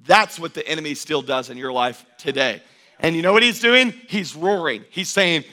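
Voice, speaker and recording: A male pastor preaching a sermon in a rhythmic, repetitive cadence, swinging from loud emphatic declarations to hushed, intimate asides. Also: fairly high pitch, expressive, fairly quick.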